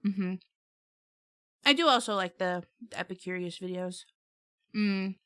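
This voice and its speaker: A woman chats casually on her live stream, laughing often and talking between bites of food. Her voice is bright and a bit sharp. The sound is dry and close, with no room echo. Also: mid-range voice, a little slow, smooth. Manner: chatty, laughs often, talks while eating.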